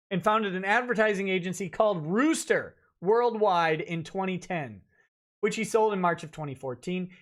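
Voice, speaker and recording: A man hosting a live stream, reading a lawsuit complaint aloud and breaking off for blunt, jokey, sarcastic asides. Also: high voice. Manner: reads dense legal text aloud, breaking off for sarcastic asides. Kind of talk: live-stream legal commentary.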